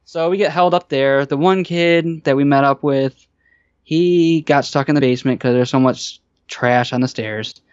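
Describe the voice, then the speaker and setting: A man's voice: fairly high pitch, normal speed, clean tone, no room sound. Chatty man telling a story on dull audio. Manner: rambling, chatty, frequent fillers and restarts. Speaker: podcast guest telling paranormal stories. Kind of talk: casual storytelling.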